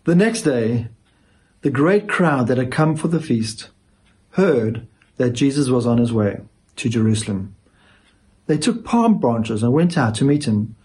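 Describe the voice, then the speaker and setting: A male pastor giving a sermon, speaking emphatically with dramatic pauses. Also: mid-range voice, big pitch swings, a little mellow, breathy edge.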